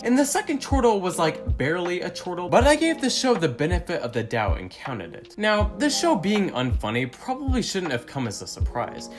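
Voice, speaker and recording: A man delivering a scripted review in a sarcastic, exasperated way. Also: fairly high pitch. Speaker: video essayist reviewing a cartoon reboot. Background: background music.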